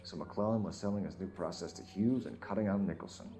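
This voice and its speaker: An actor playing an earnest, clipped young police detective in a video game. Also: male voice, deep voice, quick pace, music in the background. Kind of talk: 1940s-style game acting.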